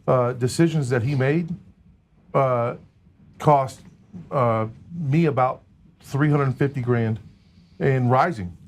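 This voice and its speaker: A man's voice: medium pitch, a little mellow. A man speaking as a podcast guest, talking earnestly with frequent hesitations. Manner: earnest, hesitant with many fillers. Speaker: guest, recovery organization leader. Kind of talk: casual chat.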